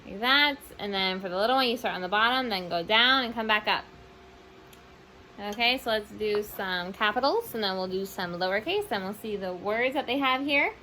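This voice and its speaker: A woman's voice: mid-range voice, moderate pace, pushed and bright, a little hiss or hum. A woman teaching a class, spelling words out letter by letter and mixing in Spanish words. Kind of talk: online class lesson.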